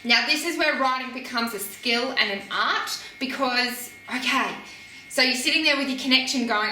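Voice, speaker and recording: A woman, coaching riders in a casual, animated way, laughing and acting out what riders think. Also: sits high, moderate pace, slight background noise. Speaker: riding coach. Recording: echoey, from a distance from the mic.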